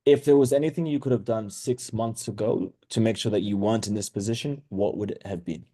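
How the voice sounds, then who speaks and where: A man's voice: lowish voice, a little fast, dark tone. A man running an online sales training call, blunt, with crude teasing humor.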